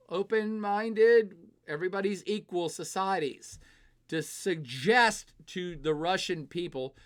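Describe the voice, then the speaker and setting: A man hosts a live stream, reading viewer questions aloud and answering them in a blunt, opinionated, off-the-cuff way. His voice sits a little high and comes through smooth and clear. He fills his pauses with frequent filler sounds and swears freely. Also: a bit bright. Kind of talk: casual live-stream commentary.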